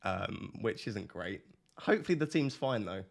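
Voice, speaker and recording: A man's voice: fairly low pitch, sing-song, moderate pace, creaky. A man, casually chatting with his live stream audience, laughing and reading comments aloud.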